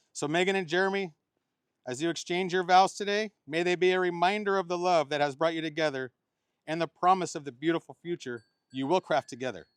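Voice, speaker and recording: A middle-aged man gives a wedding ceremony speech as the officiating uncle. His voice sits a little high, and he slips playful jokes in between sincere marriage advice. The sound is close and dry. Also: no room sound. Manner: joking, playful asides between heartfelt advice.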